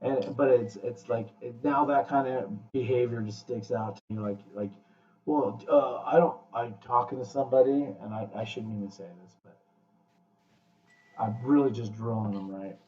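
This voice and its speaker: A man hosting a podcast, talking casually in a blunt, profane, animated pep-talk way. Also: mid-range voice, normal speed. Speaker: podcast host. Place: room with guests. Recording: echoey, distant, muffled room mic.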